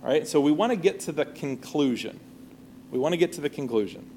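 Male Bible teacher, slightly high voice, conversational class lesson, faint background hiss. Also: animated, brisk, warm tone. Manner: conversational, often checks with "all right?" and "right?".

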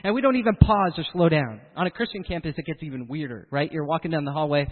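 A man preaching a sermon in an animated way, acting out the voices of the people he quotes. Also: fairly high pitch, quick pace, big-room sound, narrow, tinny audio.

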